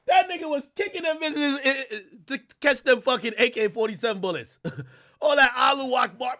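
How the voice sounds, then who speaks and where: A man streaming live, telling stories loudly and animatedly, acting out quotes and laughing often. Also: very high-pitched, big pitch swings, normal speed. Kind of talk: livestream commentary.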